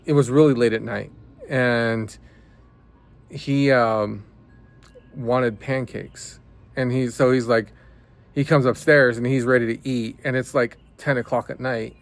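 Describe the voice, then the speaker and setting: A man vlogging, telling a family story in a loose, rambling way with plenty of fillers and restarts. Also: medium pitch. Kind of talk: casual storytelling monologue.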